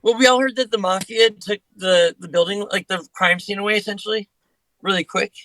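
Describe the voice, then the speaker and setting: A man's voice: sits high, steady tone, a little fast, a bit bright, no room sound, low-quality recording. A man who is a guest musician on a podcast, talking casually and rambling with many restarts.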